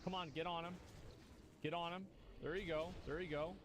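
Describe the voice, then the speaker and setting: A man's voice: on the high side, fairly even intonation, normal speed, background noise. A young man streaming a game, giving exasperated live commentary, swearing and stammering as he watches other players.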